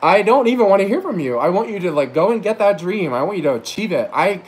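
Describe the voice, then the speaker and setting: With a high-sitting voice, this man is very animated and fast during his livestream, recorded at low quality. A psychic reader under the influence, he rants and wanders profanely, gets teary now and then, and corrects himself along the way.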